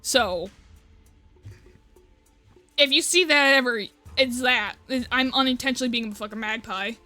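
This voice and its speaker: A chatty woman streamer talks casually over a game with a fairly high voice. She swears freely and keeps joking about herself and laughing. Faint music plays under her talk. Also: moderate pace, bright, forceful tone, no echo. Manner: chatty and self-mocking, swears often, laughs a lot. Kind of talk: casual game stream commentary, reading story text aloud.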